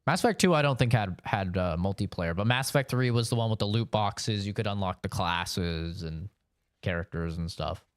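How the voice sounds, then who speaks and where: Male game streamer, loose profane banter, smooth voice, dry close sound. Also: fairly low pitch, normal speed, dry recording. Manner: rambling, profane, answers chat with frequent "you know". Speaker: gaming streamer. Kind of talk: casual live-stream chat.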